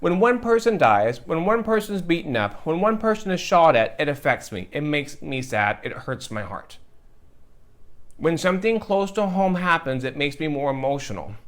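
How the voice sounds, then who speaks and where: Earnest man, fairly high voice. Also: sing-song, normal speed, a bit bright. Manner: earnest, emotional, repeats phrases for emphasis. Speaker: host. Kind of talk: heartfelt direct-to-camera talk.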